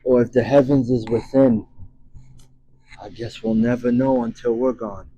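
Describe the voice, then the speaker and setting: A man voicing a slow, anguished grieving father. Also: mid-range voice, steady tone, mellow, highs cut off, slight background noise, natural voice. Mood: earnest. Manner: slow, solemn monologue with whispered drops. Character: anguished grown man searching for his lost daughter. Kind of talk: dramatic monologue reading.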